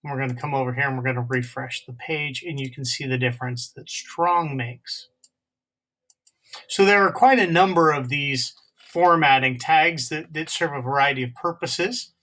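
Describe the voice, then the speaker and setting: A man teaching a web coding lesson step by step, in a halting way with many pauses and fillers. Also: medium pitch, pushed and bright, rough recording. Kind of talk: screen-recorded coding lesson.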